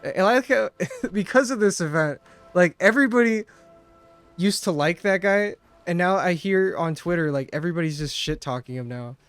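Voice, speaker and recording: A man's voice: high-pitched, lively intonation, moderate pace, fairly bright tone, clean tone, no echo. A man streaming a game, chatting casually, swearing a lot and ranting animatedly with laughs. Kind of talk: casual live-stream commentary. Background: game music.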